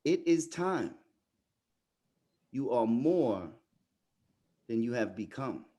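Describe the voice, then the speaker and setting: A man voicing the spirit of a wise old lion king, speaking slowly and gravely in a hushed voice. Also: mid-range voice, big pitch swings, voice pushed down. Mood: solemn.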